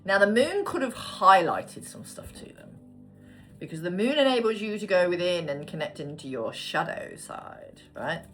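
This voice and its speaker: A woman's voice: lowish voice, big pitch swings, normal speed, a bit bright, soft background music. A woman giving a casual, chatty tarot reading, murmuring card names and swearing now and then. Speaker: tarot reader.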